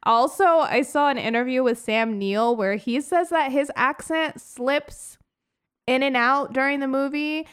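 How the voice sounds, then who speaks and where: A woman's voice: sits high, measured pace, smooth. A woman co-hosting a casual movie-review podcast, chatting easily and laughing often as she talks. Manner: giggly, laughs often mid-sentence. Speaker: podcast co-host.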